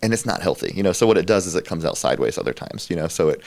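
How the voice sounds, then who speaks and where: A man's voice: low-pitched, lively intonation, rapid-fire, creaky, darkish tone, no room sound. A man in his forties, a pastor, talking candidly and reflectively, with a self-deprecating humor. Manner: reflective, self-deprecating, laughs while telling stories. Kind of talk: candid conversation.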